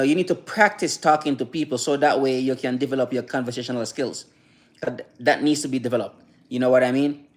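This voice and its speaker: A man talking casually on a livestream, rambling and repetitive, with many restarts and asides to viewer chat. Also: a little high. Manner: rambling and repetitive, many restarts, keeps asking "you know what I mean"; reads and answers viewer chat. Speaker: livestreamer giving advice.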